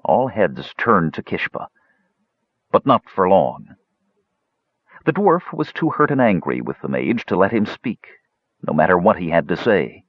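A man narrating a fantasy audiobook in measured, dramatic storytelling. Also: low voice, big pitch swings, slightly rough, no room sound. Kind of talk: scripted narration. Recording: dull, dry lo-fi audiobook recording.

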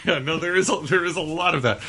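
A man's voice: fairly high pitch, fast talker, bright, forceful tone, husky. Male radio film critic, blunt and dismissive, laughs between lines. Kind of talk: casual radio chat.

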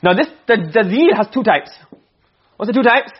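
Teaching Arabic rhetoric at a normal pace, a man with a high, very animated, breathy-edged voice shifts between Arabic text and English explanation. He often checks on his students by asking "okay?" and "you understand?" This classroom lecture was recorded in dull lo-fi.

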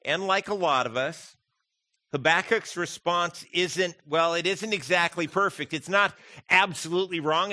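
A man's voice: a little high, bright, forceful tone, dry recording. A man preaching a conversational sermon as pastor, often asking his listeners direct questions. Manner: conversational, asks the congregation questions.

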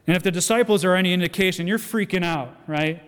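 A man preaching a sermon as a guest speaker, animated storytelling with acted-out quotes and self-deprecating humor. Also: sits high, fast, smooth. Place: church sanctuary. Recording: long church hall reverb.

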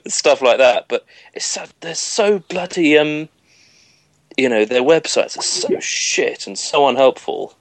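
A man's voice: mid-range voice, lively intonation, moderate pace, no room sound. Grumbling man, dry close sound. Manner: grumbling, swears, restarts sentences. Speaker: podcast panelist. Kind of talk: casual panel chat.

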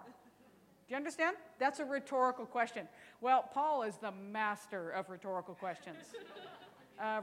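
A woman's voice: fairly high pitch, big-room sound. A woman teaching a Bible study lesson in a chatty, teasing way, often asking rhetorical questions.

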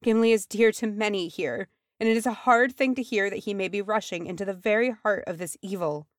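A dignified dwarf lady speaking with grave formality, her voice held steady as a woman reads her. The sound is dry and close. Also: medium pitch, brisk, no room sound, voice pushed up, lightly acted. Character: dignified female dwarf leader, shaken.

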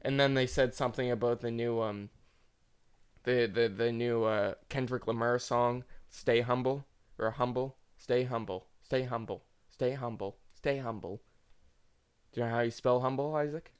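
A man's voice: medium pitch, steady tone, moderate pace, smooth. A young man hosting a podcast in casual, joking chat, rambling with stammered restarts. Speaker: podcast host.

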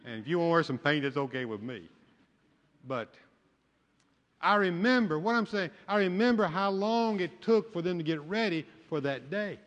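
A man's voice: on the high side, normal speed, a bit bright, lo-fi sound. An older man, a pastor, preaching a sermon with folksy storytelling and humor. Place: church sanctuary. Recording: long church hall reverb.

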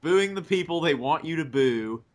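A man's voice: on the high side, lively intonation, normal speed. A man co-hosting a casual podcast, chatting over an old wrestling match, laughing often and swearing casually. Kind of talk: casual chat, watch-along commentary.

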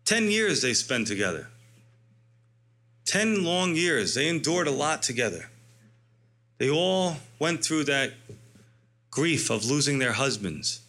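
A man's voice: mid-range voice, very animated, takes it slowly, long pauses, pushed and bright. A man preaching an expository sermon, emphatic, stretching out key words and asking rhetorical questions. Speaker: pastor.

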